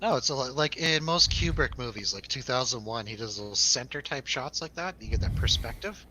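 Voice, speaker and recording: A man's voice: medium pitch, animated, fairly quick, bright, forceful tone, poor audio. A man co-hosting a casual film review show, joking and laughing as he chats over drinks. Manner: laughs often, jokey asides to viewers.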